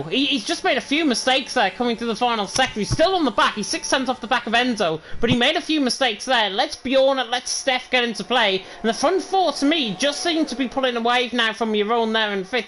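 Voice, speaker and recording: A man's voice: extremely high pitch, a little hiss or hum. Man calling a sim race. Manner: rapid, excited play-by-play. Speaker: lead commentator. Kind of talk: sim racing commentary.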